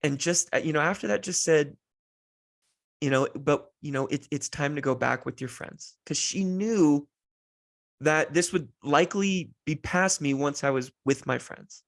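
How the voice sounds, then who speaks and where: A man's voice: a little high, unhurried, vocal fry, fairly bright tone. A man in his thirties hosting a podcast, telling a heartfelt personal story in a rambling way with many restarts, sounding close to tears. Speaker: podcast host.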